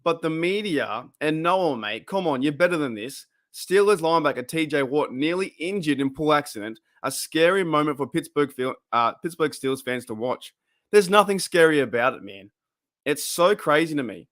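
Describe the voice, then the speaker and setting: A young Australian man hosts a relaxed fan podcast via webcam, chattering in slang and laughing at himself. His expressive voice leans high, a bit bright, and moves at a moderate pace.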